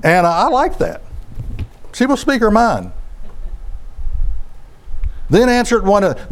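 A man's voice: on the high side, a little hiss or hum. A middle-aged man preaching a sermon in a folksy, conversational way with sarcastic asides.

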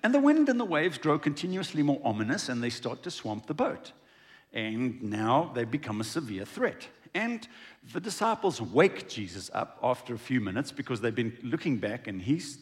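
A man's voice: medium pitch, very animated, moderate pace. A man preaching a conversational sermon in a church, acting out dialogue as he goes. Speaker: pastor.

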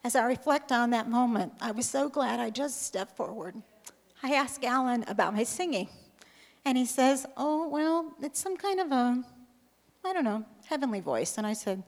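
A woman reads her testimony to a church congregation. She sounds nervous and a little hesitant, and her voice sits slightly high. A long hall reverb rings behind every phrase. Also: animated, normal speed. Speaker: church member giving a testimony. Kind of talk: reading a testimony aloud.

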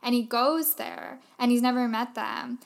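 A chatty woman talking through a film with a co-host, her voice sitting a little high. She explains things at length in a relaxed, conversational way. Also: unhurried, vocal fry. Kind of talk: casual conversation.

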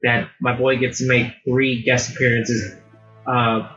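A man's voice: medium pitch, little pitch movement, a little slow, sharp tone, soft background music. A man co-hosting a podcast in casual chat, laid-back and opinionated. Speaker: podcast co-host. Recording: dull lo-fi sound.

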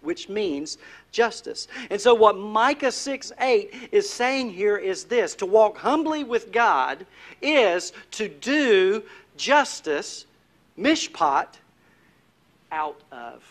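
High-voiced man preaching a sermon. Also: big pitch swings, slow pace. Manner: asks the congregation questions, drops to a hushed voice for emphasis. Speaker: pastor.

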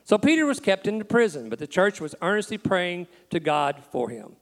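A man's voice: sits high, sing-song, normal speed, big-room sound. A man who is a pastor, preaching a sermon in a folksy, storytelling way. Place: church.

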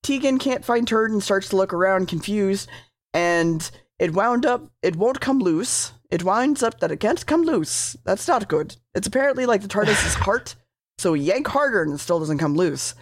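A woman's voice: medium pitch, lively intonation, normal speed, dry recording, clean studio sound. A woman casually recapping a TV episode, rambling, swearing freely and correcting herself as she goes.

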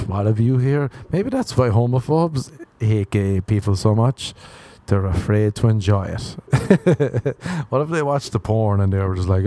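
Mellow-voiced man rambling crude podcast jokes. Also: mid-range voice. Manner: crude, meandering, chuckles at own jokes. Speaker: podcast host. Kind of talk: rambling solo comedy podcast monologue.

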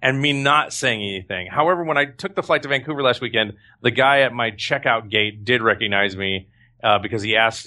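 Voice actor guy chatting, bright punchy voice, animated storyteller. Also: on the low side. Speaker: voice actor guest. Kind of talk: casual chat.

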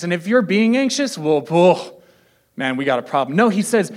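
A man giving a casual sermon, his voice sitting a little high for a man. He talks conversationally, slips in wry jokes and acts out the people he quotes. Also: expressive, fairly quick. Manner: joking, self-deprecating asides. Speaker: pastor.

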